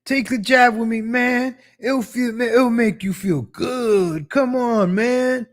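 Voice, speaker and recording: A man's voice: very high-pitched, slow pace, voice pushed up. A man putting on the voice of a pushy junkie friend who keeps coaxing and pleading. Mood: wheedling.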